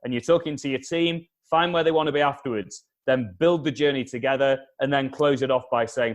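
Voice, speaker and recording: A man, a communication consultant, giving animated advice in an interview, repeating his key points and acting out past conversations. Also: medium pitch, brisk, hardly any pauses. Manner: energetic, repeats key points, acts out dialogue. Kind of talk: animated advice with acted-out anecdotes.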